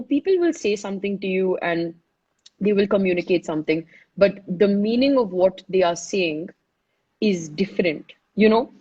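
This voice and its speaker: A woman's voice: mid-range voice, darkish tone, breathy edge, lo-fi sound. A woman giving chatty, casual advice in a live online session, often saying "you know" and talking it through. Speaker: speaker giving advice on listening.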